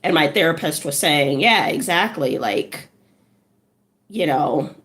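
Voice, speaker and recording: A woman's voice: sits low, animated, fairly bright tone. A woman who is a social worker, chatting casually and laughing while strumming a ukulele. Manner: chatty, laughing, unhurried storytelling.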